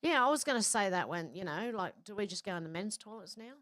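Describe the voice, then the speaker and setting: A woman's voice: mid-range voice, animated, quick pace, fairly bright tone, dry recording, clean studio sound. An Australian woman hosting a livestream, chatting casually as she reads viewer comments aloud. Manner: chatty, reads chat aloud with frequent fillers. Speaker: livestream host. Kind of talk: casual chat reading live comments.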